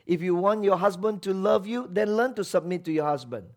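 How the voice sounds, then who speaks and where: A man's voice: high-pitched, brisk, a little mellow. A man preaching a sermon as pastor, emphatic, asking the congregation rhetorical questions and acting out quoted voices.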